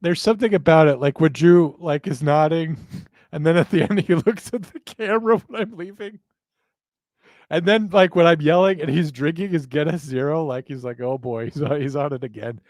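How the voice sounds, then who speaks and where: A man's voice: a little high, moderate pace, darkish tone, dry recording. A man hosting a live chat, rambling and self-mocking, laughing often. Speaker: show host.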